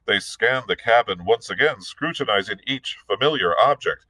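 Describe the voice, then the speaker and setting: A man's voice: on the low side, expressive, normal speed, sharp tone, no room sound, poor audio. A male librarian reading a novel aloud, narrating steadily with the occasional small slip. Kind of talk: read-aloud storytelling.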